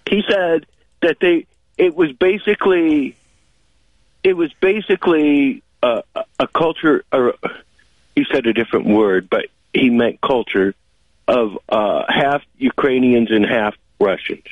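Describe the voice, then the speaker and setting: A man calls into a talk show and tells a long story at an easy, chatty pace, leaning on fillers. His voice sits at an ordinary pitch. It comes through a dry, tinny phone line. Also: animated, a little slow, no room sound. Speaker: caller. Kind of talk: call-in radio talk.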